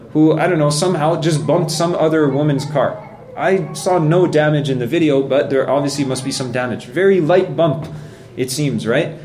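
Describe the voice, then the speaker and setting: A man's voice: on the high side, darkish tone, slight background noise. A man giving a sermon in a conversational, earnest way, telling stories with acted quotes and repeating points for emphasis. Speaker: preacher.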